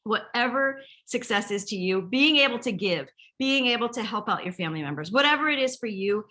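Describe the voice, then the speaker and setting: A woman's voice: a little high, expressive, brisk, sharp tone. A middle-aged woman leading a sales team, giving a chatty, rambling motivational training talk and telling stories. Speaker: direct sales team leader.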